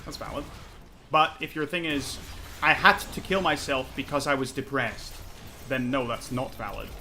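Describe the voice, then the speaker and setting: A man with a bright, forceful, medium-pitched voice speaks at a moderate pace over slight background noise. He's streaming a competitive online game, swearing and ranting hotly as he makes an argument and chides himself over his play.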